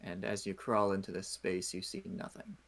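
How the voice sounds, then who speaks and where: A man with a lowish voice runs a tabletop game as game master. He narrates in halting bursts, stopping for uhs and starting sentences over as he describes the scene. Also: very animated, vocal fry, a bit bright. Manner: halting, many uhs and restarts.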